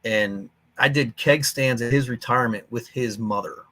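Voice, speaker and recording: A man tells his stories bluntly and candidly, in the plain, direct talk of a former soldier. He sounds like a guest in a relaxed podcast conversation, and his voice sits at an ordinary middle pitch. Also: moderate pace. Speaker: guest, veteran organization leader.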